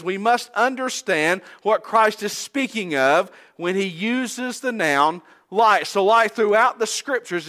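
A man preaching a sermon, quoting scripture in a measured, emphatic way with falling phrase endings. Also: high voice, a bit bright.

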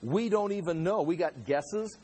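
A man's voice: high voice, lively intonation, unhurried, dark tone, breathy edge. A man teaching a conversational sermon as a pastor, explaining scripture verse by verse, often repeating and restarting his words. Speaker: pastor teaching a Bible study.

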